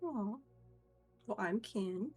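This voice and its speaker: A woman's voice: medium pitch, animated, very slow, a little mellow, breathy edge, faint music behind. A woman chatting and joking as a player in a tabletop game. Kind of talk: casual chat in a tabletop game.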